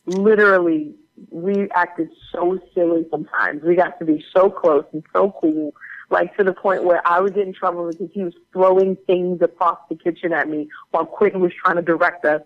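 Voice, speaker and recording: A woman's voice: fairly low pitch, normal speed. Lady guest spinning chatty stories, lotsa um and like, kinda muffled lo-fi audio. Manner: animated, chatty anecdote-telling with many fillers. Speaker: guest actor. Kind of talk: casual interview storytelling.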